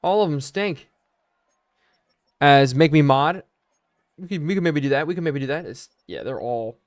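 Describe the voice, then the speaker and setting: A man's voice: a little high, lively intonation, a little fast. A young man live-streaming a video game, chatting to viewers and thinking aloud as he plays.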